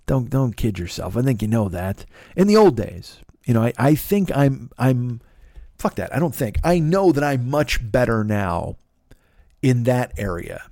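A man talking alone into a close mic and rambling through a confessional story. His voice sits at an ordinary pitch, and his speech is full of swearing, restarts and self-mocking asides. The recording is dry and close, with no room sound. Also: big pitch swings, moderate pace, creaky, mellow, no room sound. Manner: profane, rambling, self-deprecating, many restarts. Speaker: podcast host. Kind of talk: confessional solo monologue.

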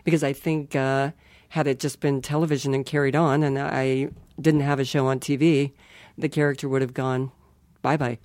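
A woman's voice: a bass voice, level tone, normal speed, darkish tone, no echo. An older woman chatting as a guest in an interview, playful and self-mocking, laughing often. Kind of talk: casual interview chat.

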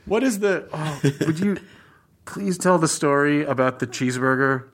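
A man's voice: fairly high pitch, expressive, normal speed, a bit bright. A man hosting a podcast, chatting loosely and swearing casually. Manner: casual, rambling, swears freely. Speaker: podcast host.

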